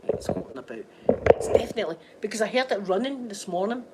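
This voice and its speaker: A woman's voice: mid-range voice, fast talker, heavy background noise. A Scottish woman from Scotland, chatting casually to viewers from home, telling rambling stories and laughing often. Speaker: vlogger. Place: at home by a window.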